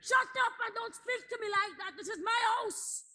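An actress playing a strict churchgoing older mother with a Jamaican accent, loud and scolding in a comedy stage play. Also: very high-pitched, normal speed, a little hiss or hum, full character voice. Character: strict churchgoing Jamaican mother, married forty years, fiery.

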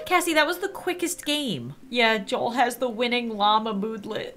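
A young woman giving excited game commentary, squealing and laughing as she reacts to the action. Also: fairly high pitch, moderate pace, few pauses, faint music behind. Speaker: gaming YouTuber. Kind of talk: excited Let's Play commentary.

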